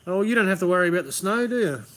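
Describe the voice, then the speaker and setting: A man's voice: high voice, lively intonation, racing, heavy background noise. An Australian man hosting a live stream, rambling casually, swearing and saying "man" a lot, outdoors under a pergola. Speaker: livestream host.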